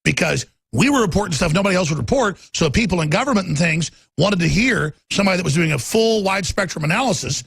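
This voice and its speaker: A man's voice: sits high, lively intonation, fast, gravelly, few pauses, fairly bright tone, breathy edge, no room sound. A middle-aged man hosting a talk radio show, ranting heatedly about politics in a studio, repeating words and acting out quotes.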